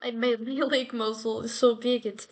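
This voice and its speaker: A woman hosts her own daily talk vlog, chatting casually and playfully as she rambles from topic to topic. Her voice is on the high side, with a level tone at normal speed.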